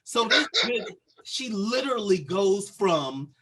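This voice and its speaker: A young man co-hosting a casual podcast, an animated storyteller who acts out the people he quotes. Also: high voice, slow pace, a little hiss or hum. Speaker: podcast co-host.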